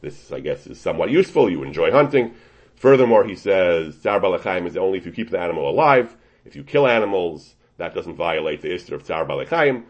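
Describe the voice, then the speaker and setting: A Torah teacher gives a Talmudic-style lecture, working through a source step by step and frequently restarting his sentences. His deep voice is animated and a little fast. The recording is dull and lo-fi.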